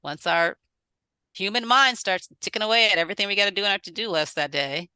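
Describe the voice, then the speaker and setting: A woman's voice: mid-range voice, animated, quick pace, bright, forceful tone, clean tone, dry recording. A woman guest, a dream teacher, explaining her views in a flowing, reflective way. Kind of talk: conversational explanation.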